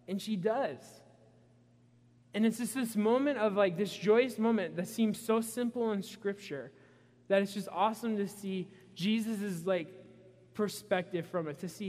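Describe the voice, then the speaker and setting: A man preaching a sermon, retelling a story with animated asides and voicing the characters' frustration. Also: high-pitched, normal speed. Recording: long reverb in a hall.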